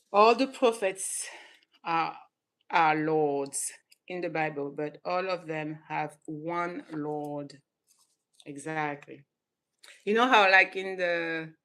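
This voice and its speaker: A woman from Senegal who grew up in southern France hosts her own channel and talks casually to camera. She gets animated, laughs often and restarts her sentences. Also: deep voice. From Senegal, raised in southern France. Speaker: channel host.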